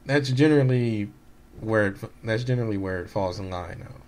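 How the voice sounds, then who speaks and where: A man's voice: lowish voice, brisk, a little mellow. A man in his late twenties or thirties talking casually on his own channel, rambling with many restarts and fillers, candid and hurt as he recounts what others said. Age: late 20s to 30s. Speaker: gaming YouTuber. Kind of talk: casual personal vlog talk.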